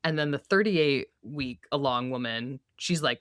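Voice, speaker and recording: A woman's voice: a bass voice, measured pace, a bit bright, clean tone, no echo, studio quality. A woman co-hosting a podcast, recapping a TV episode in casual chat, laughing often and acting out characters' lines. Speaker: podcast co-host.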